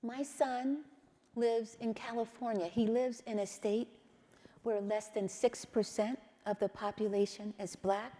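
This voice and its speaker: A woman's voice: a little high, mellow, long reverb tail. Woman telling a story in a talk. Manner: measured storytelling with frequent "right?" asides. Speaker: speaker giving a talk.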